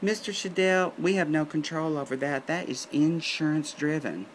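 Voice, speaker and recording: A man doing a blunt, deadpan doctor. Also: a little high, normal speed, a little hiss or hum, close to an everyday voice. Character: blunt, matter-of-fact male doctor. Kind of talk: comic storytelling.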